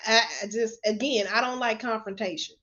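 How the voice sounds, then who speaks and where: A woman's voice: fairly high pitch, fairly even intonation, brisk, sharp tone. Blunt, profane woman on a lo-fi livestream. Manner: blunt, profane, laughs often. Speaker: motivational speaker. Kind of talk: live-stream motivational talk. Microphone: webcam or phone camera.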